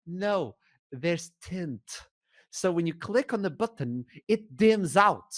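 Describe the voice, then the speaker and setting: A young man with a Portuguese accent, an esports caster guesting on a podcast, telling an animated story with laughs and sudden shouts. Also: fairly high pitch, unhurried, no echo, clean studio sound. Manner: animated, acts out scenes, laughs often, bursts into shouts.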